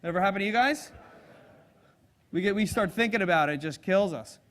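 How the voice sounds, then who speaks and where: High-voiced energetic male seminar trainer. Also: brisk. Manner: energetic, audience-engaging, acts out personality types. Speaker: sales trainer. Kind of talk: live seminar talk. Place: seminar room with audience.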